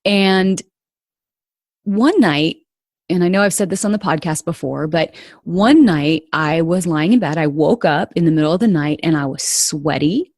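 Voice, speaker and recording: A woman's voice: lowish voice, unhurried, a little mellow, no echo, studio quality. A woman hosting a podcast, telling a personal story in an earnest, confiding way and speaking straight to her listeners. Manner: earnest and confiding, addresses listeners as "you guys". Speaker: podcast host.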